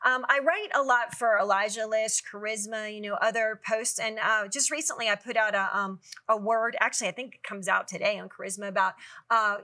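A woman's voice: mid-range voice, fairly even intonation, brisk, bright, forceful tone. A woman, a guest author on a faith talk show, speaking in an earnest, preacherly way and quoting scripture.

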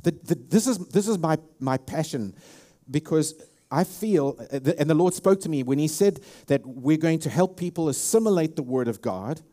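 A man's voice: on the high side, animated, normal speed, few pauses, warm tone. A man with a South African accent preaching a sermon as a pastor, emphatic and full of restarts and repeated words. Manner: repetitive, emphatic, with many restarts.

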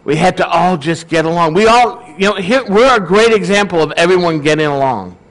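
Delivering a sermon to his congregation, this high-voiced pastor speaks expressively and fairly quickly in a relaxed, conversational way. He keeps checking in by asking the room questions. The audio quality is poor.

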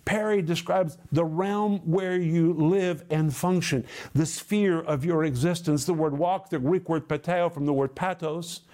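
A man preaching a Bible lesson with a slightly higher-than-average voice. He speeds through some phrases, then slows way down to lean hard on key words. His delivery is emphatic and insistent. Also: a little mellow. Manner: emphatic, sweeping shifts from quick bursts to slow drawn-out stresses. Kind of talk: televised Bible teaching.

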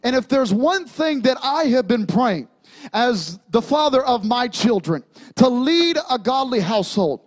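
A man's voice: extremely high pitch, very animated, measured pace. A man, preaching a sermon in a church sanctuary, with humor and emphatic repetition. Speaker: pastor.

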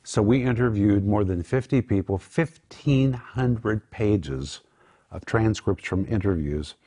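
A man's voice: fairly low pitch, slow, mellow. An older man hosting a Bible teaching program, earnest and emphatic as he explains Greek words. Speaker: Bible teacher and show host.

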